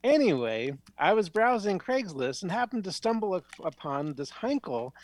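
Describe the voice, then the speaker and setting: A man's voice: high voice, very animated, moderate pace. A man co-hosting a motorcycle podcast, reading a listener's email in an easygoing way, with small stumbles. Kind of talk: casual podcast chat.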